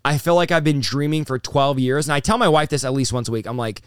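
A man in his thirties, a pastor guest telling his story in an animated, rapid-fire way, peppered with bro and dude. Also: mid-range voice, clear, resonant tone, dry recording, studio quality. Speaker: pastor and revivalist, interview guest. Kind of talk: excited conversational storytelling.

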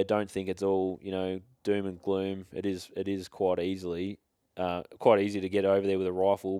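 Australian bloke, easygoing rambling storyteller; smooth voice, dry close sound. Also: male voice, low-pitched, warm tone, dry recording. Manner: laid-back, rambling, frequent restarts and slang. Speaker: hunting guest. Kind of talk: casual storytelling chat.

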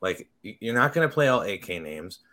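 A man's voice: on the low side, sing-song, a little fast, bright, forceful tone. A man co-hosting a podcast in casual chat, telling things loosely with stammering restarts. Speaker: podcast co-host.

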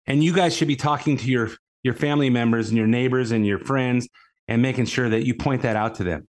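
A man's voice: medium pitch, a little fast. A man delivering an unscripted political monologue in a middle-range voice. He rambles, stumbles and restarts his sentences, filling gaps with "uh". His tone stays scornful and argumentative toward the people he criticizes. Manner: rambling, repeats words and fills with uh. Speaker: political commentary host. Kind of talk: casual opinion monologue.

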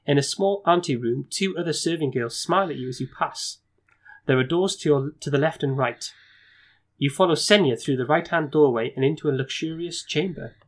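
A man reading a fantasy gamebook aloud and hosting the playthrough, with asides and stumbles. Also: fairly high pitch. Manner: brisk narration with stumbles and asides. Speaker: gamebook reader and host.

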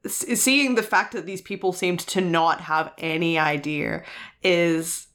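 A woman playing a tabletop role-playing game, describing her character's actions in an animated way. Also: fairly low pitch, a little slow. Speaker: player.

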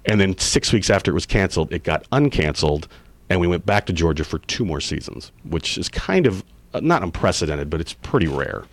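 A man in his forties, an actor being interviewed, telling stories casually and acting out quoted lines with big jumps in pitch. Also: sing-song, brisk, dry recording. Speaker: actor guest.

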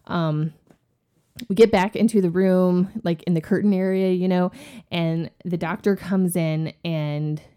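A woman in her forties, a podcast cohost, telling a story in a casual, animated way and acting out what people said. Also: lowish voice, unhurried, clear, resonant tone. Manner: animated, acts out quoted voices with gasps.

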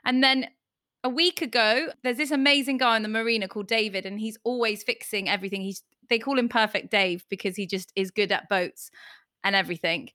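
A woman's voice: mid-range voice, steady tone, fairly quick, sharp tone, dry recording, studio quality. A woman hosting a casual podcast and judging her friends' tips, chatty and giggly as she tells stories. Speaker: host and judge.

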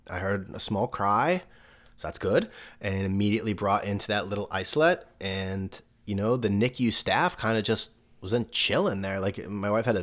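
Casual storytelling man with a lowish voice. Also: fairly bright tone. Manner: conversational, loose, drops swear words, laughs between thoughts. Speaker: podcast host.

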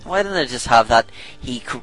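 A man's voice: mid-range voice, animated, a little fast, a bit bright, faint music behind, rough recording. A man co-hosting a podcast, chatting casually and jokingly, often laughing at his own gags. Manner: jokey, goofing around, laughs often. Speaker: podcast co-host. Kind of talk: casual chat.

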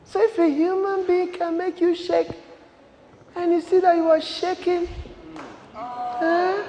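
A man pastor preaching a sermon with emphatic, repeated rhetorical questions that rise into shouts. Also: very high voice. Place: large church hall. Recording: echoey church hall with long reverb.

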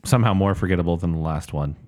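A man's voice: deep voice, rapid-fire, a little mellow. A man co-hosting a casual podcast chat, blunt and dismissive, announcing each matchup. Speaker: podcast co-host.

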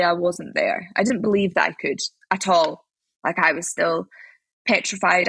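A young Scottish woman talks at a fast clip in a casual interview, her voice a touch low and husky. She tells her stories with chatty, animated energy and plenty of fillers. The recording is dry and close. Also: dry recording. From Scotland. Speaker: interviewee, athlete.

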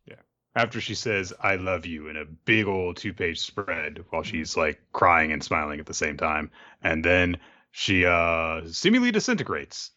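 Casting Male podcast co-host, lowish bright voice, dryly sarcastic critic, dull lo-fi mic. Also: steady tone, measured pace. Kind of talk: casual chat.

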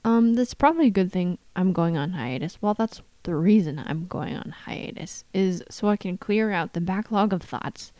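A woman hosting her own solo podcast, her voice hoarse and scratchy from shouting, talking in a tired, wry, self-deprecating way with frequent little laughs. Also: on the low side, lively intonation, moderate pace, few pauses, no echo. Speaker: podcast host. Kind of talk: casual solo podcast monologue.

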